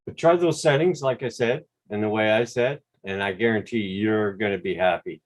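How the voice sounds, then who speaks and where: A man with a Quebec accent, hosting a relaxed, rambling livestream chat over a video call with some mild swearing. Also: lowish voice, normal speed. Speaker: drone channel host.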